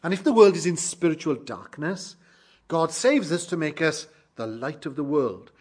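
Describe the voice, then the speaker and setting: A man preaching a sermon to his congregation, measured and emphatic, slowing down to stress key phrases. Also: on the high side, animated, breathy edge.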